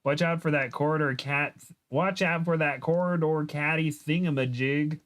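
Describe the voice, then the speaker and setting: A man's voice: fairly high pitch, animated, slow pace, a bit bright, clean tone, voice pushed up. A man reading aloud and voicing a brash, joking teenage girl with a folksy American Southern accent. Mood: shouting warning. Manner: folksy, gleeful.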